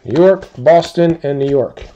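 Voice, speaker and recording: A man hosting a live sports card break, calmly listing teams and players as he opens packs. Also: fairly high pitch, lo-fi sound. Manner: slow, relaxed listing of teams and cards.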